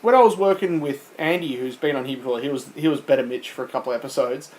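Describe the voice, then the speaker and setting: A man's voice: medium pitch, fast talker, darkish tone, rough recording. A man co-hosting a podcast, reading quiz questions in casual, teasing banter and laughing often.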